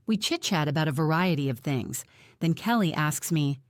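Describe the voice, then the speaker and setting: A woman narrating a first-person audiobook in a steady, reflective way. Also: sits low, normal speed, no room sound, studio quality.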